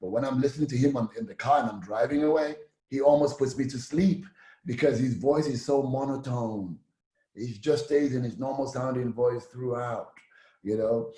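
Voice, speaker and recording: An energetic male public speaking coach gives a live-streamed lesson with emphatic delivery. He keeps checking in with his viewers as he talks. His voice sits at an ordinary middle pitch and rings in a roomy, echoey space. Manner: energetic, emphatic, often asks "okay?". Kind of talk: live-streamed teaching talk.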